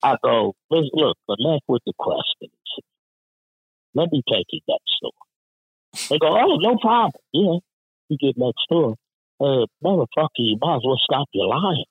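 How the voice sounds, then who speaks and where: A man's voice: mid-range voice, normal speed, long pauses, breathy edge, no room sound, narrow, tinny audio. A man telling a workplace story in casual, profane talk, acting out the people in it with lots of swearing. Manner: profane, animated, acts out quoted voices. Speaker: union representative telling a story.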